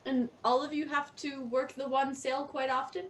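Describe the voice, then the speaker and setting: A woman's voice: high voice, flat delivery, moderate pace, fairly bright tone, far from the mic. A woman playing a character in a tabletop game, playful and giggly. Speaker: player.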